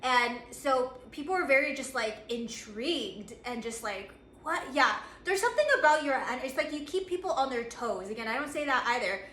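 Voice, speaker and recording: A woman giving a channeled oracle card reading, bubbly and excitable, laughing often and acting out other people's reactions. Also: high voice, brisk, few pauses, reverberant, a little hiss or hum. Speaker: tarot reader.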